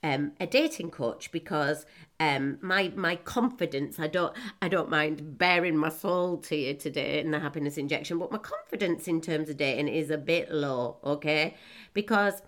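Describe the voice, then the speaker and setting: A woman in her forties giving a chatty, self-mocking personal talk to her audience, laughing often and breaking into quick asides. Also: deep voice, fairly bright tone. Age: 40s. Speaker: motivational speaker.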